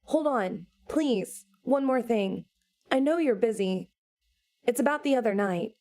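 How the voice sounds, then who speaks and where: A woman reading an audiobook voices a tender young woman, pleading softly and a little higher than her narration. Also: lively intonation, unhurried. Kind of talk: audiobook character voice.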